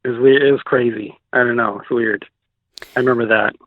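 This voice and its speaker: A man's voice: mid-range voice, fairly even intonation, fairly quick, no echo. A man, a guest on an interview show, telling his story in a casual, rambling way with many "likes" and restarts. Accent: Pacific Northwest American. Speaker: guest recounting a sighting. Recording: dry tinny phone line.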